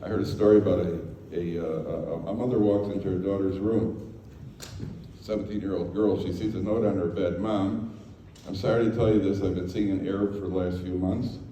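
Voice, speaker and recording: Low, mellow, and steady in tone, the American rabbi keeps a brisk pace as he gives a Torah talk to a live audience, telling stories with jokes and performing the dialogue. The hall echoes, the mic is distant, and slight background noise is audible.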